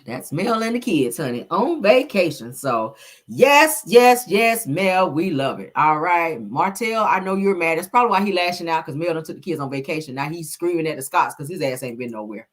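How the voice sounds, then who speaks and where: Woman streamer, sassy gossip host, lively pitch with a husky grain. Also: fairly quick, hardly any pauses. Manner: sassy, animated, lots of fillers and call-outs. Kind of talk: casual gossip live stream.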